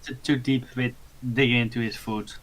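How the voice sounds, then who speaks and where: A man playing in a tabletop game, speaking haltingly and describing his character's actions. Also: mid-range voice, steady tone, a loud crowd, rough recording. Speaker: player. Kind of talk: casual in-character chat.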